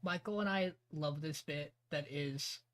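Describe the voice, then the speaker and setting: A man's voice: fairly high pitch, a little slow, fairly bright tone. A man co-hosting a podcast, chatting casually with a wry, amused manner. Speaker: podcast co-host. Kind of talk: casual chat.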